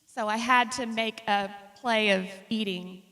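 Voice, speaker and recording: A woman with a slightly high voice tells chatty, funny stories about her travel photos. Her voice carries a long reverb from the large hall she speaks in. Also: a little slow. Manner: chatty and humorous, lively storytelling. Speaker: speaker presenting travel slides. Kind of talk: casual slideshow talk to an audience.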